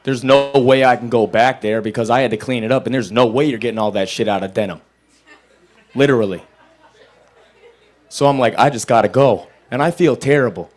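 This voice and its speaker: A young man on a small bar stage at an open mic, talking into a handheld mic. He tells his stand-up stories flatly and deadpan at a mid pitch, then jumps into loud, high voices for the people he quotes. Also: brisk, long pauses. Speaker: stand-up comedian. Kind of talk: stand-up comedy set.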